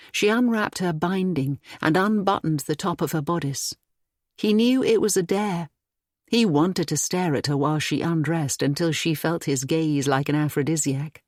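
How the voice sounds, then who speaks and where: Romance audiobook narrator, even and steady, mid-range voice, dry close recording. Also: mid-range voice, no room sound.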